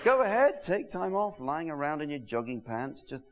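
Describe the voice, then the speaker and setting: A man's voice: a little high, normal speed. A man doing a dry, sardonic stand-up comedy monologue to an audience. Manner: dry, sardonic, deadpan delivery. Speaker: stand-up comedian and show host. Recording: hissy VHS tape rip. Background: audience laughter.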